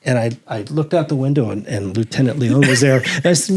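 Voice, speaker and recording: A man's voice: medium pitch, a little fast, husky. A middle-aged man, a retired sheriff's detective, telling stories in a casual interview and acting out the voices of the people he quotes. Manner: animated, acts out quoted voices in anecdotes. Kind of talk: casual storytelling.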